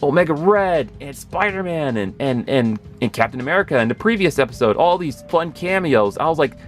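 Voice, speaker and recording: A man in his thirties gushing through a casual episode recap, rambling and correcting himself as he gets excited. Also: fairly high pitch, brisk, faint music behind. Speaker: pop culture video host.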